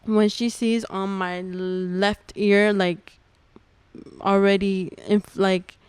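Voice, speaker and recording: A woman's voice: medium pitch, flat delivery, takes it slowly, a little mellow, clean tone, no room sound. A young adult woman, a podcast guest, giving an earnest personal testimony in casual talk, full of "like" fillers. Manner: earnest storytelling, many "like" fillers.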